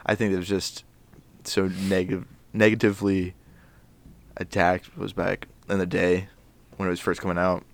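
A man's voice: sits low, flat delivery, normal speed, long pauses, no room sound. A young man co-hosting a podcast, laid-back and jokey in casual chat. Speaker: podcast co-host.

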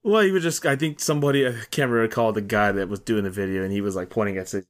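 A man's voice: fairly low pitch, fast talker, few pauses. A man co-hosting a wrestling podcast in casual chat, rambling and trailing off with restarts. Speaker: podcast co-host.

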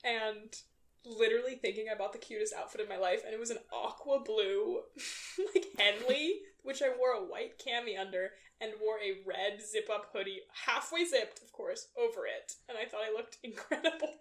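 A young woman co-hosting a casual podcast chat, chatty and laughing often. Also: a little high. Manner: chatty, laughing, quick asides. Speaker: podcast co-host.

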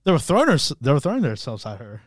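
A man's voice: medium pitch, huge pitch swings, very fast, no echo, studio quality. A man co-hosting a podcast, chatting casually about anime, laughing often and acting out characters' lines. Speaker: podcast co-host. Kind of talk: casual chat recapping anime.

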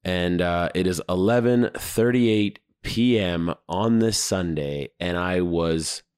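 A hoarse man hosting a podcast, telling stories in an animated, profane, casual monologue. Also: sits low, takes it slowly. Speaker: podcast host.

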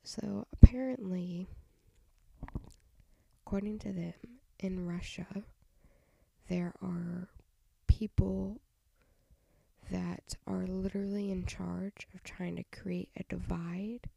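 A woman's voice: on the low side, steady tone, slow pace, creaky, pauses often, dark tone, no room sound. A young woman hosting a solo podcast, tired and half-whispering as she rambles frankly through her thoughts with little sighs and laughs. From United States. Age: young adult. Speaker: podcast host. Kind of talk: casual solo podcast chat.

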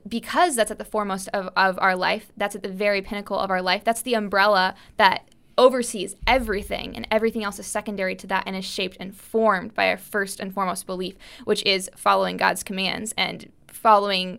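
A woman co-hosts a podcast in an earnest, conversational voice. Her tone has a gravelly fry to it, and she often backs up her co-host with quiet affirmations. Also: mid-range voice, fairly even intonation, fairly quick, few pauses. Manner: earnest, affirming with frequent mm-hmms.

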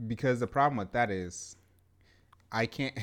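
A man's voice: mid-range voice, unhurried. A young man co-hosting a podcast, talking casually and emphatically, often repeating "yeah" and "to be honest". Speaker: podcast co-host. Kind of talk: casual chat.

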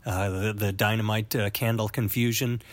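A man's voice: lowish voice, normal speed, no room sound. A man co-hosting a casual comedy podcast, rambling and swearing as he wraps up the news. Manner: animated, profane, rambling with restarts. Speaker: podcast co-host.

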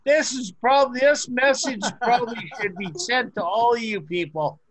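A man on a video call chatting loudly and crudely, swearing in nearly every sentence. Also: very high-pitched, moderate pace, crowd noise. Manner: loud, crude, swears constantly. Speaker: caller on a video call show. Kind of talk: rowdy casual chat.

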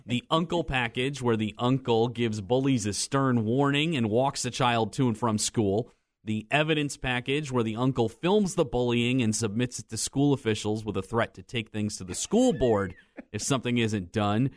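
A man reads the morning news in a brisk, even, practiced cadence. His voice sits at a middle pitch. The studio sound is dry and close. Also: no echo. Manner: brisk, even newsreader delivery. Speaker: news reader. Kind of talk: radio news reading. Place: radio studio. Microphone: studio microphone.

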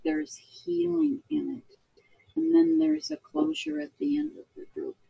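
A woman's voice: sits high, flat delivery, unhurried, creaky, dull audio. A woman guest, an equine therapist, talking earnestly and with animation in a casual interview.

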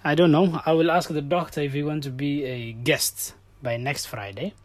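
A man's voice: fairly high pitch, steady tone, normal speed, no room sound. A man hosting a casual podcast, playfully rambling through a listener's question. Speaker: podcast host.

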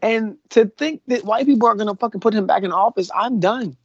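A man's voice: high voice, fairly quick, slightly rough, no room sound. A man co-hosting a casual podcast chat, ranting in a heated, profane way. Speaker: podcast co-host. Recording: dull, lo-fi dry recording.

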